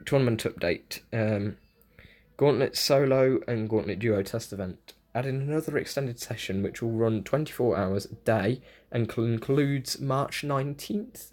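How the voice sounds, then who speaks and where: A young man casually reading game patch notes aloud and breaking off into excitable comments. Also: lowish voice. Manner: casual, excitable asides between read-out notes. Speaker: gaming video creator.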